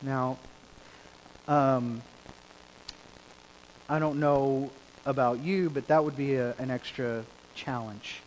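A man's voice: medium pitch, fairly even intonation, slow, long pauses. Impassioned male preacher in a reverberant hall. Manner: building from quiet to emphatic, repeating phrases. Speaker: pastor. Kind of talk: sermon. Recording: hall reverb with faint rain hiss.

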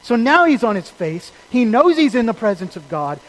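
A man preaching a sermon to a congregation at a church service. He is emphatic, swings between loud and quiet, and puts questions to the listeners. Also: very high voice, very animated, moderate pace, rough recording.

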